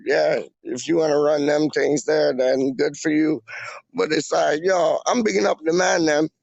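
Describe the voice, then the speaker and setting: Young man, gravelly, fairly high voice, loose slangy livestream chatter, dry dull phone mic. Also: fairly even intonation, normal speed, a little mellow, no echo. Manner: slangy, rambling, drops fillers like "man" and "dog". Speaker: streamer. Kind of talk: casual street livestream.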